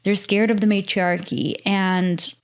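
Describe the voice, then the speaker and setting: A woman's voice: medium pitch, fairly even intonation, a little slow. A young American woman hosting a solo podcast, talking in an earnest, chatty way with lots of filler words. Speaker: podcast host. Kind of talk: casual solo podcast talk.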